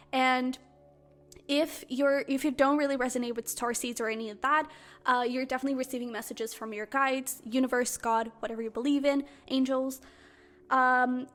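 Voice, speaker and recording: A woman doing a pick-a-card tarot reading to camera, effusive and excitable, with lots of fillers. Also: sits high. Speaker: tarot reader.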